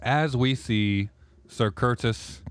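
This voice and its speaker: A man's voice: medium pitch, takes it slowly, clear, resonant tone. A man narrating a role-play podcast as game master, loose and rambling, correcting himself as he goes.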